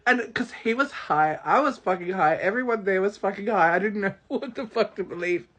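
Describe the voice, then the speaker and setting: Vlogger, casual storytelling, lively, laughs and swears, acts out quotes. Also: mid-range voice, fairly quick. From Australia. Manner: animated, laughing, swearing freely, acting out quotes.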